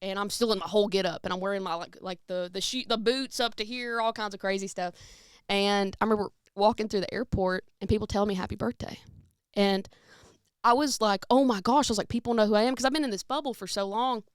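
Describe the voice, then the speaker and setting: A young woman talks in a loose, filler-heavy way as a podcast guest. Her voice is smooth and clear. The sound is close and dry. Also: medium pitch, fast, dry recording. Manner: chatty storyteller, lots of fillers, slips into quoted voices. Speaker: guest singer. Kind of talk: casual interview chat.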